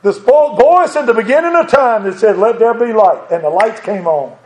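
Speaking at a moderate pace with a drawl, this preacher has a high, light voice with a darkish tone and delivers his sermon expressively in an echoey sanctuary. He goes from gentle and reflective to passionate and stirring, with an occasional chuckle.

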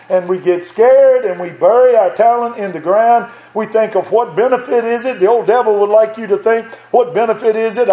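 An older male preacher delivers an earnest sermon with a fairly high voice. He repeats his words as he presses a point and reads scripture aloud. The sound rings in an echoey church. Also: warm tone.

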